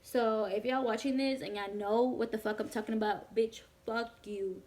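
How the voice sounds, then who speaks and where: Animated young woman telling a story. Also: on the high side. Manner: fast, animated, profane storytelling with many "like"s. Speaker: vlogger. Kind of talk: casual storytime.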